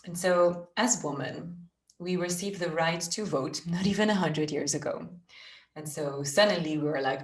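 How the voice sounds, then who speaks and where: A woman from Belgium talks as a podcast guest, her French accent clear in each word. Her voice sits low and soothing. The room gives back a roomy echo. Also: normal speed. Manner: soft, soothing, laughs often. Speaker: guest, spiritual business mentor. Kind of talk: podcast interview.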